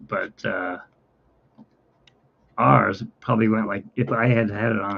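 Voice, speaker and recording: A man with a gravelly, slightly husky voice talks casually to the camera at home, wandering from one thought to the next and speaking gently to his cat. The recording is dull and lo-fi. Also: unhurried, long pauses. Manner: rambling, talks to his cat, often drops to a low, quiet voice. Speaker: vlogger. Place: home, indoors.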